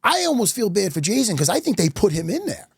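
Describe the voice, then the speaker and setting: A middle-aged man telling stories as a podcast guest, animated and profane. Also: high voice, quick pace, vocal fry, slightly rough, no room sound, clean studio sound. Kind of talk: casual podcast chat.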